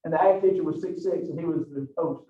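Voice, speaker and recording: Male instructor, high voice, joking folksy lecturer, recorded far off with a tinny phone-like sound. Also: quick pace, dark tone, reverberant. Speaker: anatomy instructor. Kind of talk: classroom lecture.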